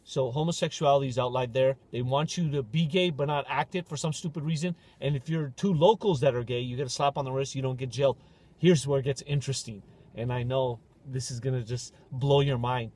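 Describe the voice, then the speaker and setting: A man's voice: medium pitch, a little fast, husky. A man hosting a podcast, telling stories in casual, joking banter. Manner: animated, joking storyteller. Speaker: podcast host.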